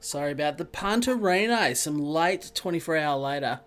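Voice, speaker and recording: A man with a slightly high voice, hosting a live racing stream. He chats in a loose, relaxed way and calls out viewers from the chat by name. It sounds like a home desk mic setup. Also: moderate pace.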